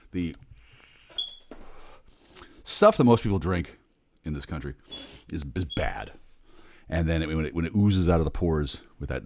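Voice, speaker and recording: A man in his forties, rambling in a bitter, sardonic, heavily profane monologue, muttering low and then bursting out loud. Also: no echo. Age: 40s. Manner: bitter, sardonic, swears a lot. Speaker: vlogger.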